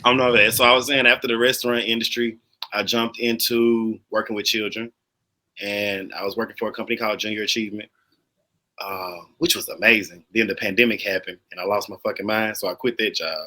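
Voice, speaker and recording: Casual interview guest, a man with a very bright edge, frank and lively. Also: fairly low pitch, brisk, low-quality recording. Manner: laughing, frank, animated.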